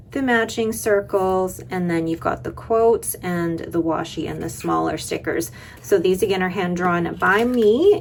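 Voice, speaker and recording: A woman's voice: fairly low pitch, vocal fry, a little mellow, slight background noise. A woman hosting her planner channel, showing new sticker collections in a chatty, enthusiastic way. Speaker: sticker shop owner and planner channel host. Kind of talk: product showcase.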